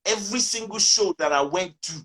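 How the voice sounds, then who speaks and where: A man from Nigeria, a musician guest in a casual interview, telling lively stories and acting out quotes. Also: high-pitched, brisk, a crowd in the background.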